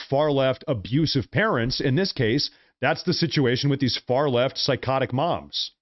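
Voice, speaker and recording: A man's voice: a little high, dull audio. An American man hosting a political livestream, ranting in a fiery, emphatic way and often repeating his phrases. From United States. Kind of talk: heated live commentary rant.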